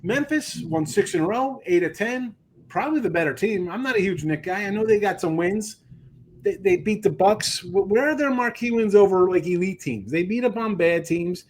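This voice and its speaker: A man's voice: sits high, lively intonation, normal speed. A man with a New Jersey accent hosting a sports betting show, joking and ranting in casual chat.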